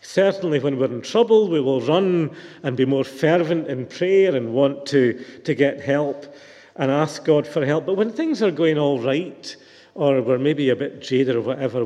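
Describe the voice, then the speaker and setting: A man's voice: medium pitch, warm tone, in a large hall. A man preaching a sermon in a reflective, questioning manner.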